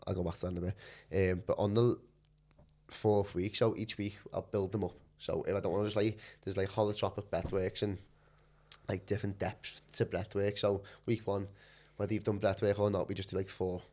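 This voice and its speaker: A man's voice: low-pitched, level tone, brisk, warm tone. A man talking as a guest on a podcast about his coaching work, rambling loosely with plenty of fillers and swearing. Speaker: guest, mind and body coach. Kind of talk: casual podcast chat.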